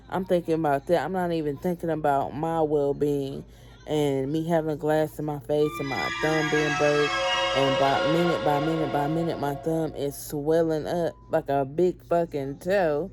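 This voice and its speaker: A woman's voice: deep voice, steady tone, normal speed, darkish tone, faint music behind. A woman telling a personal story for a vlog in a blunt, profane, emphatic way. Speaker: vlogger, mother.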